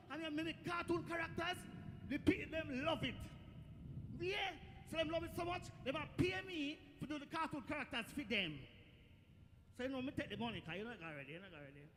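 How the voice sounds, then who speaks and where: A middle-aged man with a Jamaican accent doing a stand-up comedy set on a festival stage, telling stories in a lively way with loud bursts to the crowd. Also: very high-pitched. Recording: echoey outdoor stage, faint noise.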